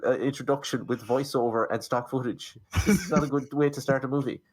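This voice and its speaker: A man's voice: medium pitch, steady tone, fast, a crowd in the background. A man, co-hosting a podcast, ranting and swearing in casual film chat. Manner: profane, ranting. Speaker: podcast co-host.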